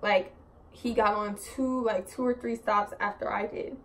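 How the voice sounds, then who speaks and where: Here a young woman rambles through a story on her vlog, animated and casual, leaning heavily on "like" and "so" and cursing in frustration. She speaks at a medium pitch, a little slowly.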